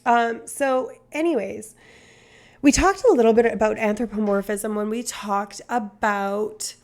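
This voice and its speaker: Her voice sits on the high side and sounds a little mellow, moving at a measured pace. This woman in her twenties streams live, chatting casually in a fake Australian accent that now and then slips, while she pokes fun at herself, laughs a lot and curses without restraint.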